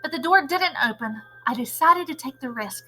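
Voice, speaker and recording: A woman teacher reading a children's novel aloud in an expressive, animated way. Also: high voice, normal speed, faint music behind, rough recording. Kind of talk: storybook read-aloud narration.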